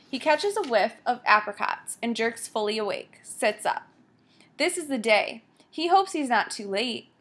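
A woman's voice: on the high side, fairly bright tone, husky. Woman narrating a story. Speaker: audiobook narrator.

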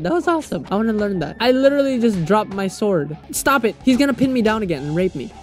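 A young man calling out a mobile fighting game in let's play commentary. He jokes crudely and bursts into loud, excited shouts, his pitch swinging widely. Quiet game music plays underneath. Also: fairly quick, hardly any pauses. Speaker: gaming YouTuber.

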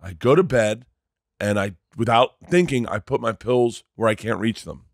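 Low-voiced man telling a wild story. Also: no echo, studio quality. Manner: animated, halting storytelling with restarts and swearing. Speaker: guest comedian. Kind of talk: casual podcast storytelling.

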